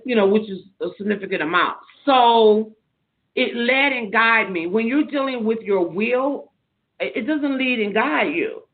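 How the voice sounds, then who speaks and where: Woman telling a story over a tinny line. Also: medium pitch. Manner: earnest, spiritual, talks in long loose anecdotes. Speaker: podcast guest. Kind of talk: personal storytelling in an interview. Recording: narrow phone-like sound.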